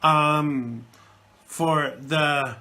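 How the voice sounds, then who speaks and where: A man's voice: a little high, steady tone, very slow, bright, forceful tone. Chatty British-based man hosting a talk show. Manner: chatty, rambling, many fillers. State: chesty cold. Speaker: host. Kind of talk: live internet talk show.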